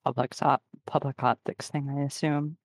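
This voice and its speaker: A man's voice: medium pitch, level tone, normal speed, no echo. A man playing his character in a tabletop role-playing game, making dry, wry asides about his rolls. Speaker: player.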